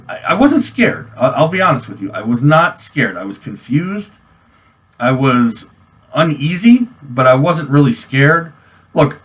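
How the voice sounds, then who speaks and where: This is a vlog in which a New York army veteran in his forties recounts a personal memory from his service, loosely and casually, stopping to restart and leaning on fillers. His voice sits in the mid range with a fairly bright tone.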